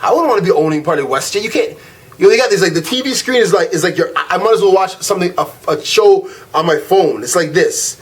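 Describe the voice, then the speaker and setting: Young male vlogger, high voice, slangy animated rant, drifts between irritation and chill. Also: quick pace. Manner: animated, slangy, swings from loud irritation to laid-back drawl. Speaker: vlog host. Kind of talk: casual storytelling rant.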